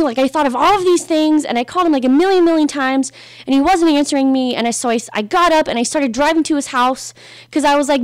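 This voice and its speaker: A young woman casually telling a personal story on a podcast, animated and full of "like", acting out what people said. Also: high voice, fast, dry recording. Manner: animated, acts out quoted voices, frequent "like".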